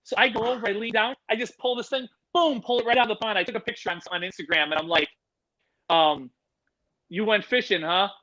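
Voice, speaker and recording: Casting: middle-aged man, high bright voice, a lively swearing storyteller, dry close mic. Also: a little fast, no room sound, muffled recording. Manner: animated, swears freely, acts out voices in his stories. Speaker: podcast guest, animal educator. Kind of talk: casual storytelling.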